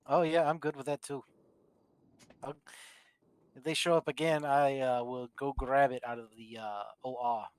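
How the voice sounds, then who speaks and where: A woman's voice: rumbling low, steady tone, normal speed, long pauses, smooth, no echo. A woman in a roleplay game, talking in character as a doctor. She rambles, trails off with fillers and laughs a lot, close on a dry, dead-sounding mic. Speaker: roleplay streamer playing a doctor.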